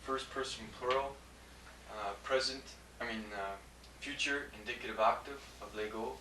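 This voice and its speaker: Male student, bright voice, unsure and halting. Distant, roomy classroom recording with faint hiss. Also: medium pitch, steady tone. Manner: hesitant, full of uh and um. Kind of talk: classroom question and answer.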